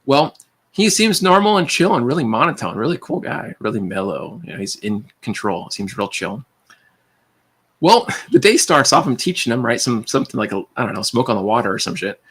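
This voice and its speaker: Casual streamer, male, husky, lively storyteller. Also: mid-range voice, fairly quick. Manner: rambling, animated anecdotes with quoted voices. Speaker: livestream host.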